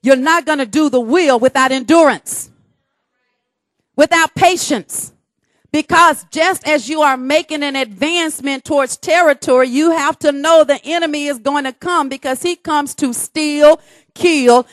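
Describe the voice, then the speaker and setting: A woman's voice: sits high, dry recording, studio quality. A woman preaching a sermon, emphatic and calling on her congregation to respond.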